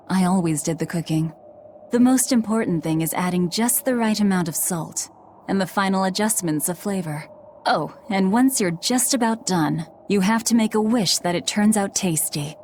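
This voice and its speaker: A woman's voice: mid-range voice, darkish tone, natural voice. A blunt, guarded young woman, voiced by an actress, speaks tersely in a mid-range, subdued voice. A faint ambient hum sits under the game dialogue. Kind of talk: game voice acting.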